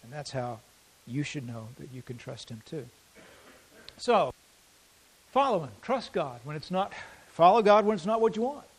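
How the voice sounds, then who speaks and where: Male pastor, fairly high voice, sermon delivery with dynamic swings between loud and hushed. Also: big pitch swings, breathy edge, poor audio. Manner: dynamic, swings from loud emphasis to quiet intensity; reads scripture aloud slowly.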